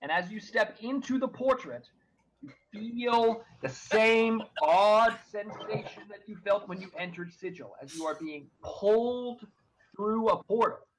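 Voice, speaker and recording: A man with a fairly high voice narrates a tabletop role-playing session as game master. He rambles, circling back with fillers and restarts as he describes each scene. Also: a little slow, a little hiss or hum, low-quality recording.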